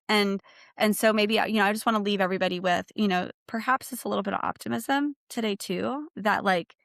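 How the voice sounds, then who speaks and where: A woman's voice: mid-range voice, gravelly, dry recording, studio quality. A woman speaking as a guest on a livestream discussion. She talks earnestly and reflectively in long, flowing sentences. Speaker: guest, bereaved parent.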